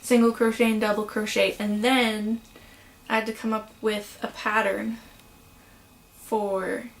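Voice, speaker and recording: A young woman chatting casually to camera at home about her crochet projects, with frequent "um"s and "so"s and quick apologies. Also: medium pitch, flat delivery, low-quality recording. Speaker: crochet vlogger. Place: home room.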